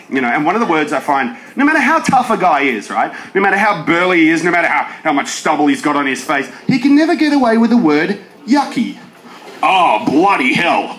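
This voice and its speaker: Young aussie guy doing standup, high lively voice, echoey pub room. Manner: animated joke delivery with shouted bits. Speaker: stand-up comedian. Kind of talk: stand-up comedy set. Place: pub comedy stage. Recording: roomy live venue sound.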